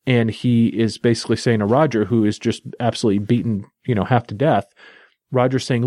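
A man's voice: mid-range voice, steady tone, brisk, a little mellow, no room sound, studio quality. A man casually recapping and reviewing a comic book in a chatty, enthusiastic, loosely told way.

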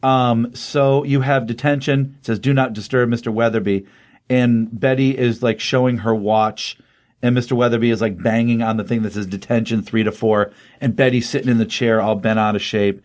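A middle-aged co-host on a comics podcast speaks at a normal speed in a steady, slightly mellow, medium-pitched voice. He chats casually through comic plots, frequently using fillers.

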